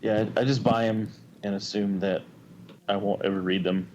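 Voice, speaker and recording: A man with a low voice chats easily as a podcast guest. His recording sounds a little dull and muffled, with faint noise behind it. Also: fairly even intonation, normal speed, darkish tone. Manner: easygoing, laughs often. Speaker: guest guitarist. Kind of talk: casual interview chat.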